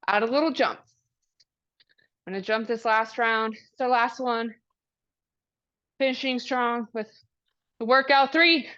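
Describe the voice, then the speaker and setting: A woman's voice: fairly high pitch, a bit bright. A woman coaching a workout class, giving upbeat, encouraging cues and countdowns, a little out of breath. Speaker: fitness coach. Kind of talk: live workout class instruction. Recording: dull lo-fi recording.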